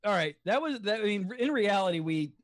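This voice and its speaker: A man's voice: high voice, a little fast, no echo, studio quality. A man co-hosting a podcast in casual banter, his voice strained after a long vocal challenge. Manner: animated, jumps between put-on voices and laughs. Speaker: podcast co-host. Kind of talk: casual podcast banter doing quick voice impressions.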